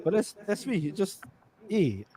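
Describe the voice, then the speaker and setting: A man's voice: sits high, very animated, normal speed, mellow. A man in his thirties with an Australian accent, co-hosting a podcast in loose, slangy casual chat, swearing and repeating himself. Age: 30s. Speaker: podcast co-host.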